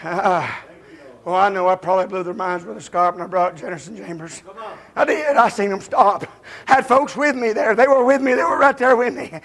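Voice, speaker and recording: High, gravelly preacher. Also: male voice, fairly even intonation, moderate pace. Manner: folksy, breaks into shouts and chuckles. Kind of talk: revival sermon.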